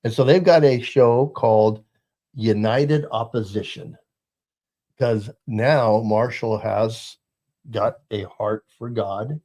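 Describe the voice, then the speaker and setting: A man's voice: lowish voice, slow pace, warm tone. A man hosting a casual political talk show, rambling with lots of fillers and restarts.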